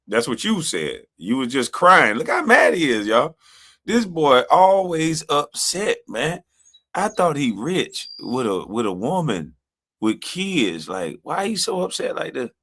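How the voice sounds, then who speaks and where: A man's voice: fairly high pitch, very animated, unhurried, a bit bright. A man streaming commentary on video clips, taunting and dismissive. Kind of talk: casual reaction commentary.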